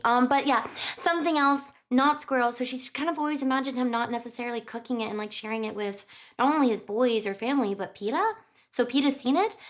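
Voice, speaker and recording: A woman streamer casually recapping a book while tidying her kitchen, chatty and rambling, often correcting herself. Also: on the high side. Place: home kitchen.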